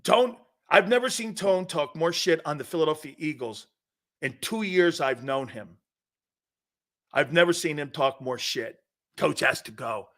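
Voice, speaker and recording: Bright-voiced man hosting sports talk. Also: on the high side, animated, measured pace. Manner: loose, profane, laughs often. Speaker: sports talk show host.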